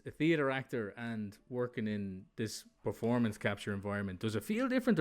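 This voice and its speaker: A man interviewing a guest in casual chat, quick and easygoing, with restarts. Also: mid-range voice.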